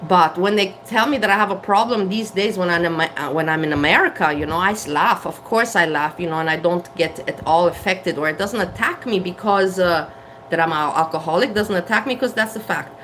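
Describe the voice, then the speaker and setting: A woman's voice: on the low side, fairly quick, a bit bright, a little hiss or hum, rough recording. A woman vlogging candidly to camera from her kitchen, frank and blunt, swearing and laughing at herself. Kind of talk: candid casual talk to camera. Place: home kitchen.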